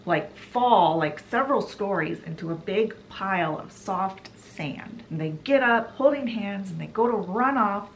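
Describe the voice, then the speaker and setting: A woman book vlogger retells a novel in an animated, chatty way. Her voice sits at a medium pitch. She sounds casual and conversational. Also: unhurried, few pauses, slight background noise, poor audio.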